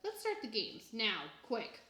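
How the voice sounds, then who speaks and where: A woman voicing a patient, gently scolding mother in a storybook reading. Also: on the high side, wildly swooping pitch, measured pace, exaggerated voice. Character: patient, fussing mother of young boys. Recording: echoey room.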